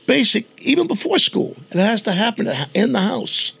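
A gravelly older man tells a story in an animated way, taking on the voices of the people in it. His voice is strongly raspy and pitched a little high for a man. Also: moderate pace. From New York. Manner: animated storyteller who acts out quoted voices. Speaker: guest entertainer. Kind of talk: storytelling in conversation.

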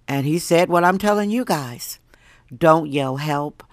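Woman podcast host from Wisconsin, hoarse from a lost voice, slow and self-mocking, recorded dry at home. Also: sits low, no room sound. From Wisconsin, USA. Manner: chatty, jokey, laughs at herself. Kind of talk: casual solo monologue.

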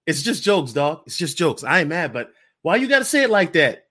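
Animated slangy man reacting to a clip. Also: a little high, a little fast. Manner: animated, slangy, repeats himself, calls others dog. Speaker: crypto YouTuber reacting to a video. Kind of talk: casual reaction commentary.

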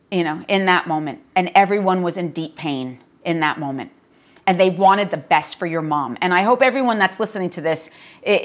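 A middle-aged woman, a yoga teacher, talking as a podcast guest in an earnest, reflective storytelling way. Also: medium pitch. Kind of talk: podcast conversation.

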